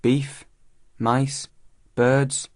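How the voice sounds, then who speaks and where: Man playing a scrappy Yorkshire lad, blunt, eager, raised pitch, dry close voice. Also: little pitch movement, very slow, dry recording. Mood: earnest. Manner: blunt, eager, dialect-heavy. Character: defiant working-class teenage boy.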